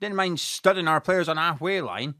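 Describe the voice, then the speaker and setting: A man doing live fan commentary on a match, sweary and excitable, talking straight to his viewers. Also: fairly high pitch, normal speed, no echo, studio quality. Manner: sweary and excitable, shouting at goals.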